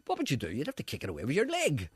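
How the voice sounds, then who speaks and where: Brief: quick, husky male radio host, animated storyteller. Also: fairly high pitch. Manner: animated storyteller, acting out voices. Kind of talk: casual studio chat and anecdote.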